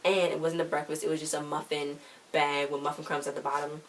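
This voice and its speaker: A woman excitedly retelling a TV episode in a casual, rambling way, full of slang. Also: low voice, brisk. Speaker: episode reviewer. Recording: distant mic with faint hiss.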